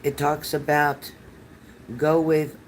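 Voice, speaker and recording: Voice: mid-range voice, little pitch movement, takes it slowly, slight background noise, low-quality recording. An older tarot reader giving live readings to chat viewers in a chatty, rambling, reassuring manner.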